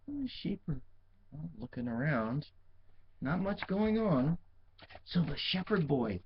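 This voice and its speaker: A man reading a children's picture book aloud, stopping to chat about the pictures. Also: on the high side. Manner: slow, lively, chatty asides about the pictures. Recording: dull lo-fi recording.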